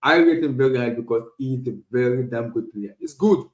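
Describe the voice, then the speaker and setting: A man hosting a casual solo football talk stream, animated and repetitive, often restarting phrases. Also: medium pitch, a little fast, roomy sound, poor audio. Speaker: podcast host. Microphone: streaming setup.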